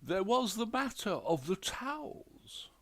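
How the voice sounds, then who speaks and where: A man's voice: sits high, big pitch swings, takes it slowly, a bit bright, voice pushed up, full character voice. A man voicing a fussy, pompous, defensive widower. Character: fussy, prim, pompous middle-aged widower.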